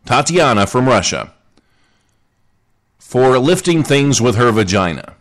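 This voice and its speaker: A man with a drawl hosts a casual live podcast show. His voice rises and falls a lot as he jokes, and he keeps things chatty while reading comments from the listener chat aloud. His pitch sits in a middle range. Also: sing-song, a little slow. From Southern United States. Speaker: podcast host.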